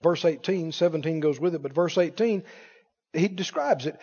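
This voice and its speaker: A man's voice: on the high side, moderate pace, a little mellow, husky, long reverb tail, muffled recording. A man preaching a sermon, quoting scripture with emphasis and putting questions to the congregation.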